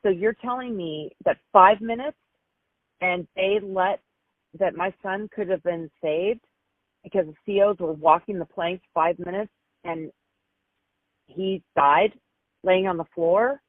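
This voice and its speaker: A grieving mother telling stories about her son in a halting, emotional way, often repeating herself. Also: lowish voice, no echo. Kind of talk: phone interview storytelling. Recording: tinny phone line, dry.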